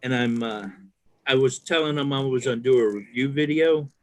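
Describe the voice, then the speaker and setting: A man's voice: medium pitch, normal speed. A man chatting casually on an online call about fishing gear, rambling with many fillers. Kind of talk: casual chat.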